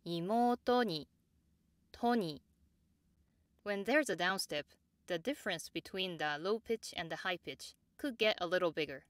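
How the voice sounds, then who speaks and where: Woman, pronunciation teacher, slightly low-pitched, unhurried and exact, dry close mic. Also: a bit bright, dry recording. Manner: measured and precise, models example words slowly and repeats them. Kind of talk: slow, clear instructional explanation.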